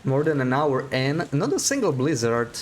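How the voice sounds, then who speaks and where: A man's voice: medium pitch, very animated, normal speed, slight background noise. A man giving live gameplay commentary as a streamer, chatting to his viewers, thinking aloud and laughing often.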